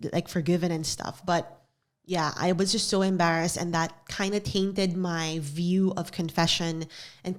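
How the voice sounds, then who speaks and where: A young woman hosting a solo podcast in a studio, talking in an earnest, confessional way and repeating phrases for emphasis. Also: lowish voice. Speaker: podcast host. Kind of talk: reflective solo podcast talk.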